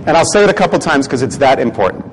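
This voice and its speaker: A man from the Bronx, giving a lively customer service seminar to a live audience. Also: medium pitch, very fast. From the Bronx, New York. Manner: animated, acts out reactions and quotes. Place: conference room with audience. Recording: echoey hall, faint room noise.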